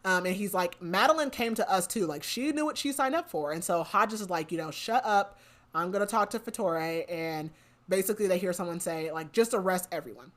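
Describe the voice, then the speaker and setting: A woman's voice: on the low side, a little fast. Chatty woman recapping a story. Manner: chatty retelling with quoted lines and laughs. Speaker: book podcast host. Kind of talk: casual plot recap.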